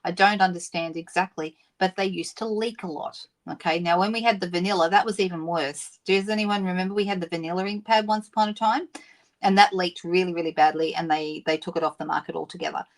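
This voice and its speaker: A woman's voice: lowish voice, fairly even intonation, fairly quick. Middle-aged aussie lady doing a live stamping demo, chatty, says hi to everyone in chat. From Australia. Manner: chatty, greets viewers by name; warm, laughing asides. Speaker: papercraft host. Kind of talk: live-stream craft demonstration.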